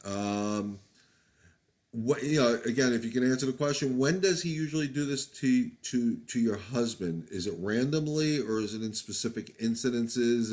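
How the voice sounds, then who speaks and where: This man, a dog trainer, has a mid-range voice with a darkish tone. Taking viewer questions in a live-stream Q&A, he offers casual advice plainly and candidly, often using fillers and starting over.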